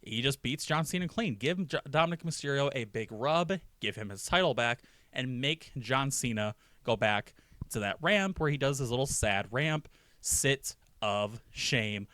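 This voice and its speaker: A man's voice: medium pitch, animated, a little slow, a bit bright, no room sound. A man giving casual, profane, jokey commentary on a wrestling storyline, acting out short quotes along the way.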